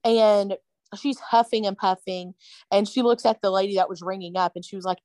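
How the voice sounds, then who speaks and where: A woman chats on a podcast, tired and yawning, and tells her story with lots of likes and ums. Her voice sits at a middle pitch and comes through dry and close. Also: steady tone, moderate pace, a little mellow, no echo. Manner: chatty storyteller with fillers. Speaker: podcast co-host. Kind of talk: casual chat.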